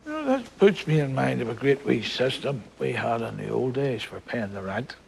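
An actor playing an older grandfather from Belfast, telling stories with dry humour and gentle warmth. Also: medium pitch, big pitch swings, moderate pace, vocal fry, background noise. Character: wry, warm-hearted old Belfast grandfather.

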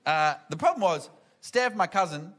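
A man tells stories on a comedy stage, animated and quick to act out the people in them. His voice sits high and bright, and a faint hum of room noise runs under it. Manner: animated, acts out family members in loud voices. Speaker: stand-up comedian. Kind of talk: stand-up storytelling. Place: comedy venue with audience.

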